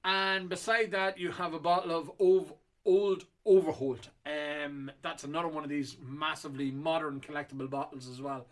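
A middle-aged man chats loosely through a run of auction lots, circling back on himself with ums and uhs. His voice sits a little higher than most men's. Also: fairly even intonation, normal speed, few pauses. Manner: rambling and chatty with many fillers. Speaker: whiskey auction host. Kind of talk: casual chat previewing auction lots.

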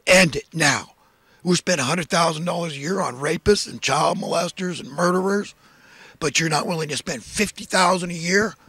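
A man's voice: on the high side, sharp tone, husky, no echo. A man delivering a preachy, impassioned monologue of social commentary, full of emphatic rhetorical questions. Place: in California.

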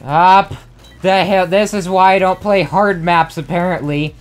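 A young man giving frustrated, self-mocking let's play commentary as a gamer, with excitable outbursts. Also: high voice, a little slow. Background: faint game music.

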